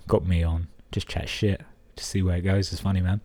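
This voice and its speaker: A young man from England reads listener stories on his podcast in a casual, profane way. His voice sits very low and sounds dark and a bit husky. He keeps stopping to mock the emails with dry, sarcastic remarks. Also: level tone, brisk. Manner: sweary, sarcastic running commentary. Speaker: podcast host.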